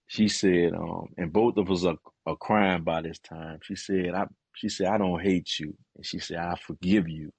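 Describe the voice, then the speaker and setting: A middle-aged man with a low, husky voice tells his story earnestly and with feeling. He speaks through hesitations and the odd "man," which makes it sound heartfelt. The recording is dry and close, with no room sound. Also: no echo. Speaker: guest and author. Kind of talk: personal testimony in conversation.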